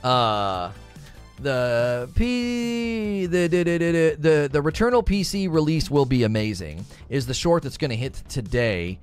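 Excitable chatty man with a lively voice. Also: on the high side, unhurried, smooth, faint music behind. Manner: excitable, rambling, repeats himself. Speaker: livestream host. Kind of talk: casual livestream chat.

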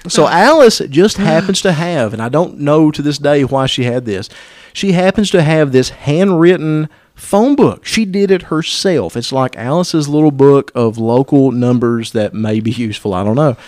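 A man's voice: on the high side, expressive, moderate pace, hardly any pauses, a little mellow, no room sound, studio quality. A man hosting a podcast, telling a comic story in a profane, self-interrupting way. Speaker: podcast host.

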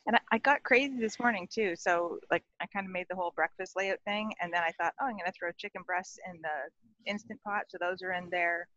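A woman's voice: lowish voice, brisk, bright, forceful tone, dry recording, dull audio. A woman co-hosting a podcast over a video call, chatty and rambling. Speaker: podcast co-host. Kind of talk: casual chat.

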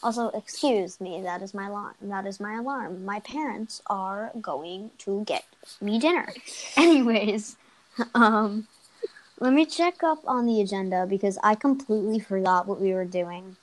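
Teen girl, podcast host, giggly, rambling, mid-pitched voice. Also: normal speed, poor audio. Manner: giggly, rambling, self-correcting. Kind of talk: casual chat.

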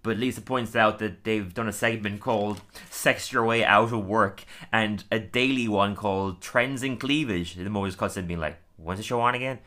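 A man's voice: on the low side, normal speed, few pauses, bright, forceful tone. A man co-hosting a podcast, recapping a cartoon episode in a chatty, laughing way with lots of "like". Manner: chatty, laughs often, fills with "like". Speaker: podcast co-host.

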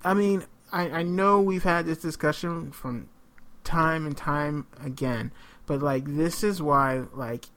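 A man in casual political chat, indignant and swearing, rising to loud outbursts. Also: fairly high pitch, takes it slowly.

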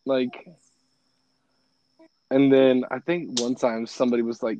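A man who grew up in Italy, telling stories in casual chat as a podcast co-host, animated and laughing often. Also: mid-range voice, measured pace, long pauses, highs cut off.

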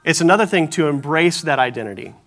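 A male pastor delivers a sermon in a notably high voice. His tone is bright and forceful, and he tells stories with lively, self-mocking humor. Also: fast talker, soft background music. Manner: animated storytelling with self-deprecating humor.

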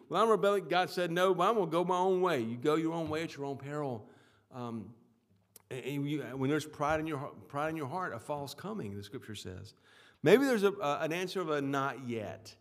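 A man preaching a sermon with emphatic swings in loudness, often repeating words and restarting phrases. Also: fairly high pitch. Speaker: pastor.

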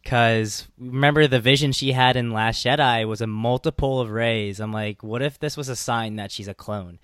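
A man in his regular voice, neither high nor low, talking over a movie podcast in loose, excitable banter, cursing freely. The sound is dry and close with no room echo. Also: moderate pace, clean tone. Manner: animated fan banter, swears freely, laughs often. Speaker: podcast co-host. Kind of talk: casual chat.

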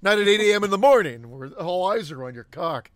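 Joking podcast co-host, man, high and very lively, bright, dry sound. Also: no echo. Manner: joking, quick interjections. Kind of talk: casual chat.

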